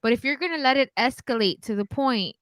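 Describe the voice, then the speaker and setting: Bright, blunt-talking woman on a podcast. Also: high-pitched, lively intonation, a little fast, no room sound. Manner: blunt, opinionated, swears freely. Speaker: podcast co-host. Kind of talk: casual podcast chat.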